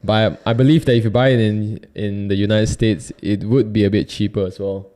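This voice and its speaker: A man's voice: on the low side, level tone, brisk, dark tone. A young man, casually reviewing a microphone in a chatty, rambling way and correcting himself as he goes. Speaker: YouTube host reviewing a microphone.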